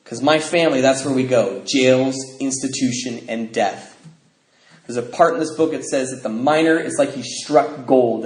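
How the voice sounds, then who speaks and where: A man's voice: medium pitch, moderate pace. A middle-aged man from the northwestern United States gives a personal recovery talk at a convention, acting out conversations in different voices as he tells his stories. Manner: lively storyteller who acts out conversations in a range of voices. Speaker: recovery meeting speaker. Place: convention hall. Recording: roomy hall with faint noise.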